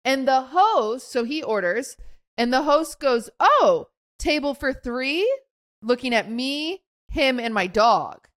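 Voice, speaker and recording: A woman's voice: sits high, expressive, slow pace. A young woman co-hosting a podcast, telling a story in a casual chat and acting out quotes with lots of fillers. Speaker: podcast co-host.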